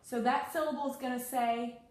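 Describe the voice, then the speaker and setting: A woman giving a one-on-one reading lesson, brisk and corrective as she prompts a child. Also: high voice, fairly even intonation. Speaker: reading tutor. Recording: echoey room with faint noise.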